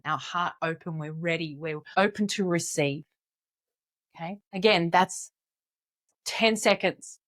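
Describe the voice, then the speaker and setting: Slow, calm woman coaching. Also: fairly low pitch. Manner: calm, encouraging, guiding listeners step by step. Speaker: confidence coach. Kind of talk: guided exercise instruction.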